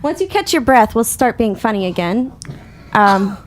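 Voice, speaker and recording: Woman, radio host, fairly high voice, slight stutter, giggly and self-mocking, casual comic chat. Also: big pitch swings, normal speed.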